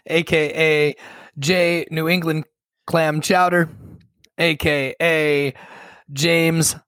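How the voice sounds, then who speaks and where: Young dude on a podcast, wry and chatty, dry sound. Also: male voice, a little high, flat delivery, slow pace, a bit bright, no room sound. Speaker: podcast co-host. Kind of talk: casual podcast chat.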